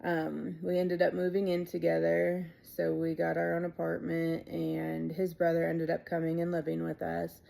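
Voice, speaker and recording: A woman in her thirties tells a personal story in a low, heavily gravelly voice with a dark, mellow tone. She speaks casually and haltingly, with frequent fillers and asides that drop to near a murmur. Her pitch stays flat and even throughout. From Ohio, USA. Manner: halting, many fillers and quiet trailing asides. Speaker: storyteller recounting her life.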